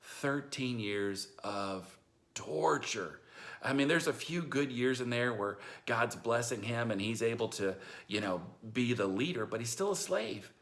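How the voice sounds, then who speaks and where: A man's voice: mid-range voice, animated, measured pace, fairly bright tone. A man retelling a Bible story in a casual, folksy way, acting out the characters in modern slang. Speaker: storyteller preacher.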